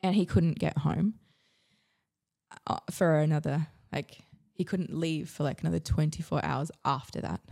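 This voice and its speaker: Low-voiced Australian woman telling her story. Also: normal speed, creaky, warm tone. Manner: frank, rambling, swears freely, many "like" fillers. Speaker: podcast guest. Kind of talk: candid personal storytelling.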